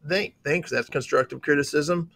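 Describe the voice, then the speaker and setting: A man's voice: a little high, moderate pace, vocal fry, a bit bright, no room sound. A middle-aged man with an Upper Midwest American accent, a county sheriff co-hosting a casual talk show, talking in upbeat, rambling bursts that often restart mid-sentence. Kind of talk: casual chat.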